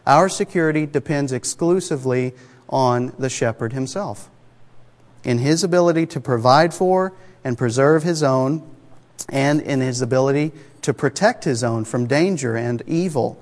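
A male preacher delivers his sermon in a conversational yet emphatic way. He often asks the congregation rhetorical questions. His mid-pitched voice carries with the long reverb of a church sanctuary. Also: normal speed, a little mellow. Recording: long reverb of a large hall.

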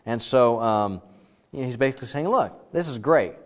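A middle-aged man teaching a Bible class in a casual, animated way, acting out the quoted dialogue. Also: medium pitch, moderate pace. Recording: dull lo-fi sound with long reverb.

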